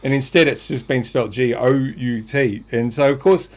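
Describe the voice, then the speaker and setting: A man's voice: mid-range voice, normal speed. A man co-hosting a podcast, presenting his segment in chatty, laughing banter and drawing out his points. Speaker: podcast co-host. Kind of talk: casual banter.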